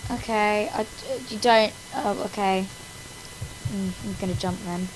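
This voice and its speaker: A woman's voice: medium pitch, steady tone, measured pace, slight background noise, rough recording. A woman hosting her gaming channel in casual gameplay commentary, melodramatically complaining about her failures with wails and laughter.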